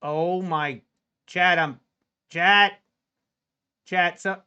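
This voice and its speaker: A man livestreaming his futures trading, anxiously talking to his chat and pleading with the market, going from low muttering to sudden yells. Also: steady tone, very slow, clean tone, muffled recording. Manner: talks to chat directly. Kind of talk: live trading stream commentary.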